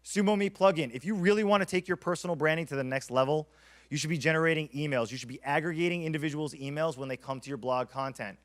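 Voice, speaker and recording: Brief: male keynote speaker, quick delivery, slightly higher voice, lively storyteller. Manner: energetic, storytelling, acts out quotes. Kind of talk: conference keynote talk.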